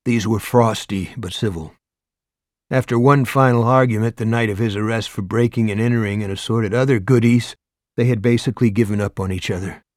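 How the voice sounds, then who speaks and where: A man's voice: lowish voice, steady tone, fairly quick, darkish tone, dry recording. A man reading an audiobook aloud, telling the story in a dry, wry way. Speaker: audiobook narrator. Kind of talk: scripted narration.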